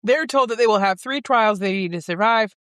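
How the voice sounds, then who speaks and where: A woman hosting a podcast, recapping a book's plot in a deadpan way and often breaking into giggles. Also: medium pitch, brisk, clean tone, dry recording, studio quality. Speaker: podcast host summarizing a book. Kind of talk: casual chat.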